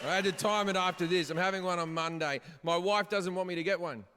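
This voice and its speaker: A man's voice: high voice, fairly even intonation, quick pace, a loud crowd. A middle-aged man performing a stand-up set, telling stories in a brash, profane way. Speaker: stand-up comedian. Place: comedy stage before a live audience. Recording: live hall reverb, audience noise.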